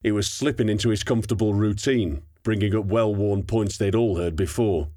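A man with a voice on the low side narrates an audiobook in a steady, measured storytelling style. The sound is clean studio quality with no echo.

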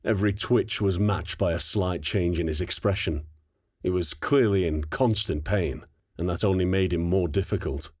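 A man narrating an audiobook in a steady, measured storytelling manner. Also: low-pitched, husky, no echo, clean studio sound.

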